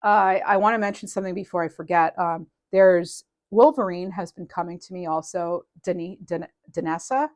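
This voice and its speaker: A woman giving a casual tarot reading to her viewers, rambling and animated, with many fillers and restarts and light laughs. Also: on the low side, moderate pace, hardly any pauses. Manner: laughs lightly while talking. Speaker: tarot reader.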